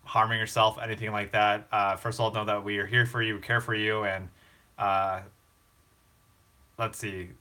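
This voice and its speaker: A man's voice: on the low side, flat delivery, moderate pace, long pauses, bright, forceful tone. A young man hosting a casual live stream, talking earnestly and emotionally to comfort a viewer.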